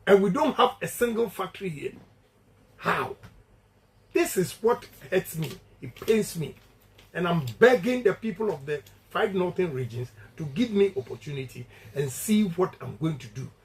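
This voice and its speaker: Heard on a low-quality recording, a man with a Ghanaian accent rallies supporters in a high, sing-song voice at a moderate pace. He switches between Twi and English, and his delivery is emphatic, repetitive and declamatory.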